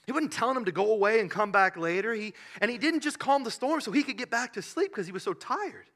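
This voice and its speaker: A man preaching a sermon, telling the story with animated bursts and hushed asides. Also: high-pitched, quick pace. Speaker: pastor.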